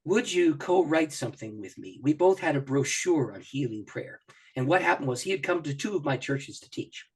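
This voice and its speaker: A middle-aged man who is a pastor and author tells personal stories as an interview guest, in an animated way. His voice is a little high, expressive and slightly rough, at a normal speed. He acts out his own thoughts and laughs often.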